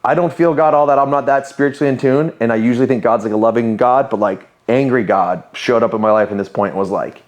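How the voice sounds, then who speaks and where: A man's voice: mid-range voice, fast talker, hardly any pauses. A man, telling personal stories candidly and animatedly as a podcast guest. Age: 30s. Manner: animated, candid, storytelling with quoted voices. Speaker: podcast guest, business owner. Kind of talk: casual interview storytelling.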